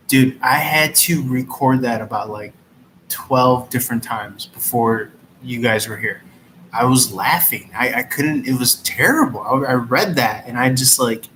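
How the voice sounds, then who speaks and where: A man's voice: medium pitch, moderate pace, fairly bright tone, a little hiss or hum, rough recording. A man doing a casual live-stream tarot reading, who reads a listener's question aloud again and again, keeps cursing and struggles not to laugh. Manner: swears often, breaks into laughter while trying to stay serious. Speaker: tarot reader.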